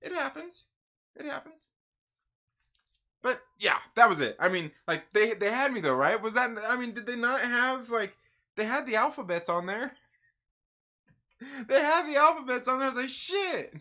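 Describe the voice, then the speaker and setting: Rambling, profane man with a bright voice. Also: very high voice, animated, moderate pace, pauses often. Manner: rambling, profane, laughs a lot. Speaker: comic book reviewer and live-stream host. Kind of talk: casual live-stream chat.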